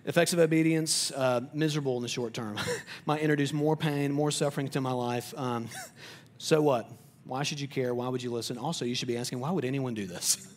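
A male pastor preaching a sermon in a conversational way. He often repeats words as he starts sentences, and he drops to a quiet, soft voice on tender points. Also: mid-range voice, fairly even intonation, a little fast, a little hiss or hum.

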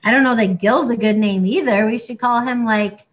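A high-pitched woman in her forties talks in a lively, chatty way. She co-hosts a casual chat and acts out other people's lines as she goes. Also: moderate pace, poor audio. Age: 40s. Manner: chatty and animated, acting out quoted doctors. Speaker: co-host.

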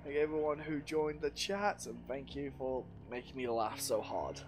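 A man's voice: mid-range voice, normal speed, music in the background. A man hosting a casual gaming stream on a headset, chatting with a friend and laughing often as he talks. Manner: giggly, laughs often while talking. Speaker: streamer host.

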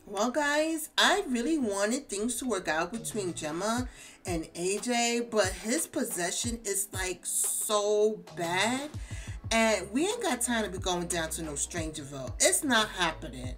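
A woman hosting a casual game let's play, chatting to viewers and reacting out loud to the game. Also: mid-range voice, expressive, a little slow, soft background music.

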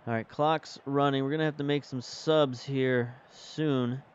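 A man's voice: mid-range voice, fairly even intonation, unhurried, clear, resonant tone, dull audio. A man casually commentating as he plays a football management game, thinking aloud about tactics and substitutions. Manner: chatty, thinks aloud while managing the match. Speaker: game streamer. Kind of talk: casual commentary while playing.

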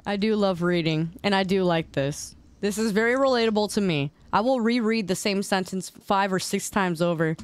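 A young woman streamer reacting to memes in casual commentary, incredulous and teasing, jumping to high exclamations. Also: normal speed, hardly any pauses, clean tone, dry recording. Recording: stream with loud background music. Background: music under the voice.

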